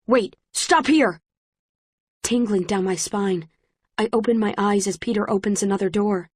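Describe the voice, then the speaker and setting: A woman reading a first-person story as an audiobook narrator, in a measured storytelling manner. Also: mid-range voice, steady tone, a little mellow, husky, dry recording, clean studio sound. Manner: measured, present-tense storytelling.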